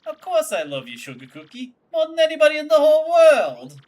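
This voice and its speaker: A woman voicing a smitten young male mobster creature in a video game, speaking low and soothing. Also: sing-song, fairly quick, a little mellow. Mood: tender.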